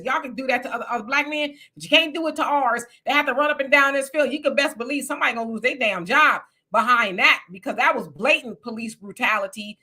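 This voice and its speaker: A woman's voice: sits high, animated, a little fast, bright, forceful tone. A woman from California giving blunt, colloquial political commentary on a casual live stream.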